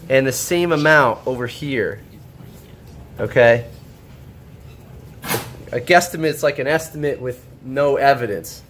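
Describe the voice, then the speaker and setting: A man teaching a high school shop class, walking students through a drawing step by step, checking in often and joking with them. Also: slight background noise. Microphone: camera held by a student.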